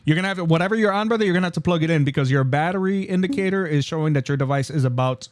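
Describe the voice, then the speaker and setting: A man's voice: on the high side, very fast, dry recording, studio quality. A young man hosting a live call-in podcast, cutting in with insistent, repeated questions. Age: young adult. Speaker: podcast host.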